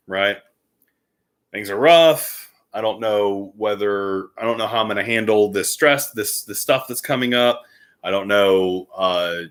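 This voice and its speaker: A man casually telling a personal story to the camera as a vlogger, animated and full of fillers. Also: on the low side.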